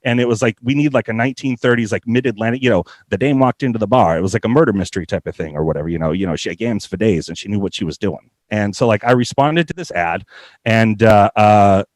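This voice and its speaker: A man's voice: on the low side, fast, dry recording. A man in his thirties telling a funny story in a loose, casual way, swearing and laughing often.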